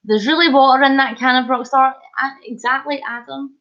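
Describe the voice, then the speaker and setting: Woman streamer, high voice, unhurried, playful banter, slightly dull lo-fi stream audio. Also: fairly bright tone. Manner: chatty, jokey, punning, laughs often. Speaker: livestream host. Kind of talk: casual live chat reading comments.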